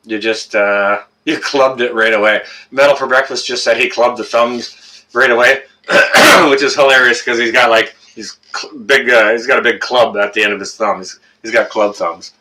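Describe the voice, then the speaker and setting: A man's voice: medium pitch, moderate pace, pushed and bright. A man with a Canadian accent hosting a casual live-stream chat on a webcam and greeting viewers one by one by name. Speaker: livestream host.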